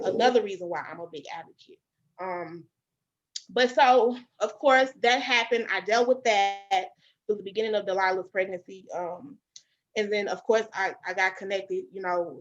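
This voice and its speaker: A young adult woman hosting a podcast, telling her own story in an animated, emphatic way and calling out to listeners directly. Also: mid-range voice. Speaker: podcast host. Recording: slightly dull lo-fi sound.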